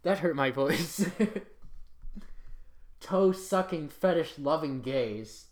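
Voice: mid-range voice, animated, extremely slow. An adult reading a list of titles aloud for comic effect, in a mock-serious voice that keeps breaking into laughter, sometimes switching to an announcer voice. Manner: occasional announcer voice.

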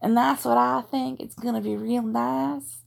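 Woman doing a flirty Southern cowgirl with a gravelly voice. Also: on the high side, fairly even intonation, a little slow, full character voice. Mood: flirty playful. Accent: rhotic Southern US, put on. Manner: giggly, teasing innuendo.

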